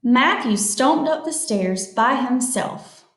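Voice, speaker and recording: A woman reading a picture book aloud to children, slowly explaining new words as she goes. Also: sits high, lively intonation, a bit bright, roomy sound. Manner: slow, explains words to young listeners. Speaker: storytime reader.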